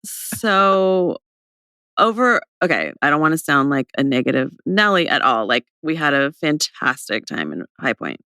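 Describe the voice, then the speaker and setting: Young woman podcast cohost, bubbly and chatty, lively swoopy pitch, raspy fry from a cold, dry close mic. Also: unhurried, no echo. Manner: bubbly, chatty, laughing often. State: recovering from a cold, vocal fry. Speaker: podcast co-host. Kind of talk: casual chat.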